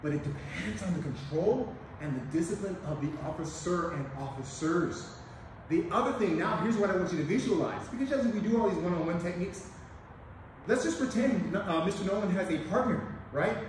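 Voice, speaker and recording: An energetic man with a high-pitched voice, leading a hands-on demonstration lesson with emphatic calls to watch. The room is very echoey and he is some way off from the mic. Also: fairly quick, recorded from a distance, a little hiss or hum. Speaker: police officer and instructor.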